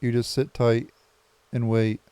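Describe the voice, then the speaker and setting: A man's voice: mid-range voice, little pitch movement, measured pace, mellow, clear, resonant tone, dry recording, natural voice. A man reading aloud the lines of a confident, self-assured big-sister warrior woman from a game. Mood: boastful.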